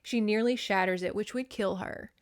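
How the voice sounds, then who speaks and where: A woman's voice: medium pitch, normal speed. A woman hosting a podcast, casually recapping a novel in a chatty, profane way with lots of "like" fillers. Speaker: podcast host.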